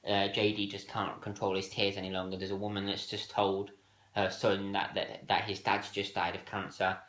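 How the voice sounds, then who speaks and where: A man's voice: deep voice, completely flat delivery, normal speed, fairly bright tone. A man hosting a casual countdown video, talking hesitantly with many fillers and restarts. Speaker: video host ranking TV moments. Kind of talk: casual solo countdown talk. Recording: echoey room.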